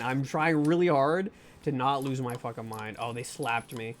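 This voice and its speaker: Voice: mid-range voice, fairly even intonation, moderate pace, a little hiss or hum. A live streamer giving gameplay commentary, talking to viewers, nervously narrating each move, swearing and pleading over and over with anxious laughs.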